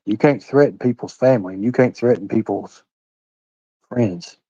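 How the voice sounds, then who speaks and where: Guy ranting on his livestream, dark mellow voice, swears a lot, preachy and blunt, dry dull lo-fi sound. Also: lowish voice, normal speed, dry recording. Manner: folksy Southern-style phrasing with "by God" and "ain't". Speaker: livestream host. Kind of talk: heated livestream rant.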